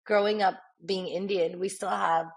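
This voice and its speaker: Gravelly, husky woman telling stories. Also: medium pitch, normal speed. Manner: animated, acts out quoted dialogue. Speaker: podcast guest, makeup artist. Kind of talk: casual interview storytelling.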